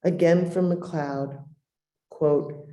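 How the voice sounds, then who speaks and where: A middle-aged woman, a meditation teacher, giving a dharma talk and softly guiding a meditation with long pauses. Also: low-pitched, fairly even intonation. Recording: roomy echo.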